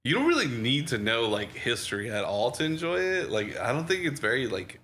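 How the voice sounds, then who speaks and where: A man's voice: medium pitch, very animated, fairly quick, bright, forceful tone. A man co-hosting a podcast, chatting casually about a movie, laughing often, swearing and restarting his sentences. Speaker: podcast co-host. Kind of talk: casual movie review chat.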